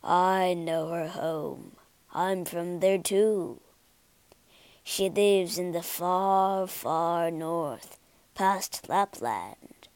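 A woman voicing a male reindeer who talks slowly in a deep voice. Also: darkish tone, clean tone, no echo. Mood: calm. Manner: slow and deep.

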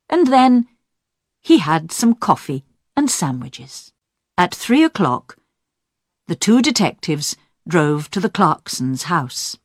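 A woman narrating a graded-reader audiobook, clear, expressive and deliberate. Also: fairly low pitch, no echo, studio quality.

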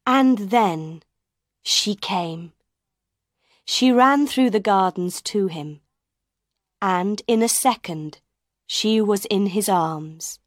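A woman narrating an audiobook in a slow, clear, simple delivery. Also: mid-range voice, no echo, clean studio sound.

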